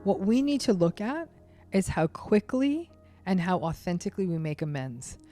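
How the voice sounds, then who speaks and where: A woman guest expert explaining narcissism in an interview, speaking emphatically and acting out quick quoted asides. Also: medium pitch, sing-song, warm tone, faint music behind. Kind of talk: interview conversation.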